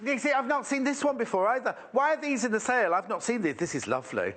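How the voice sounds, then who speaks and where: A man's voice: very high voice, very animated, quick pace, fairly bright tone. A man presenting fabrics live on a shopping channel, chatty and rambling as he exclaims over each one. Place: TV shopping studio.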